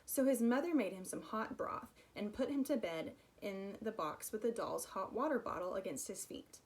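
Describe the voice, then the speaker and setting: A woman reading a children's chapter book aloud, expressive and clear. Her voice sits at an ordinary middle pitch, and she now and then adds her own asides. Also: normal speed. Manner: expressive storytelling, personal asides. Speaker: reader.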